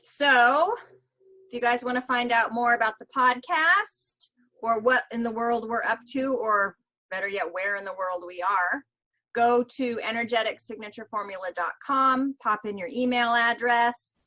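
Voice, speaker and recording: A woman's voice: a little high, moderate pace, bright, forceful tone, poor audio. A woman co-hosting a podcast, talking casually with many fillers and easy laughs. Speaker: podcast co-host. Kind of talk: casual chat.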